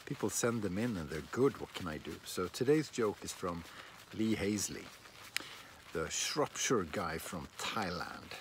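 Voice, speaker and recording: Low-ish guy rambling slow outside in the garden, laughs at himself, bit of wind. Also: expressive. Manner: rambling, self-deprecating, many restarts. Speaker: shaving vlogger. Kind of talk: casual outdoor vlog chat. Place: outdoors in a windy garden.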